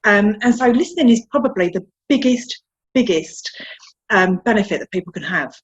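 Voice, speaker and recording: A woman's voice: medium pitch, expressive, moderate pace, dull audio. A woman with a South London accent, talking frankly and at length as an interview guest, often repeating words and running herself down. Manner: chatty, frank, self-deprecating, repeats words. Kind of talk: candid interview chat.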